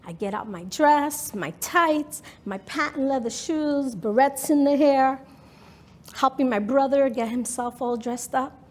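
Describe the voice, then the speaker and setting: A woman in her fifties from New York tells a personal story in a talk, narrating dramatically and emotionally in the present tense. Her voice is high and her pace measured.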